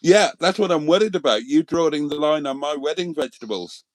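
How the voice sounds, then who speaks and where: A man's voice: fairly high pitch, a little fast, no room sound. A man hosting a live stream from a motorhome, bantering and reading out viewer names. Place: inside a motorhome.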